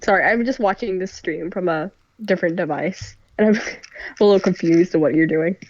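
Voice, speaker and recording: A woman's voice: fairly low pitch, brisk, a little mellow, dry recording, muffled recording. A woman player chatting casually and giggling during a tabletop game. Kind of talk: casual chat while playing.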